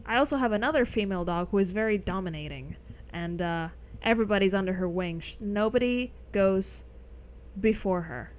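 A young woman chats loosely while streaming a game, rambling from one thought to the next with frequent laughs. Her voice sits at an ordinary middle pitch for a woman, casual and unscripted. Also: expressive, a little fast. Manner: rambling, chatty, laughs often. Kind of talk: casual live-stream chat over gameplay.

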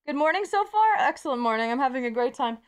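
Woman streamer, high voice, playful, foul-mouthed, coos at chat. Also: animated, fast, clear, resonant tone. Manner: playful, swears freely, coos baby talk to viewers. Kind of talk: casual live-stream chat.

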